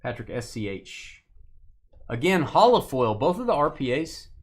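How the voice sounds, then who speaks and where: A man's voice: medium pitch, sing-song, measured pace, husky. A man hosting a live trading-card break, calling out cards and playfully teasing viewers by name. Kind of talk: casual live-stream commentary.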